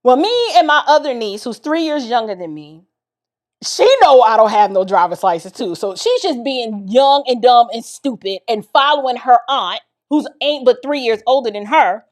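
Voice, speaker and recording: A woman from the Bronx telling a personal story in a casual, expressive way, talking straight to her listeners. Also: fairly high pitch, moderate pace. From the Bronx, New York. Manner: animated and expressive, addresses listeners directly.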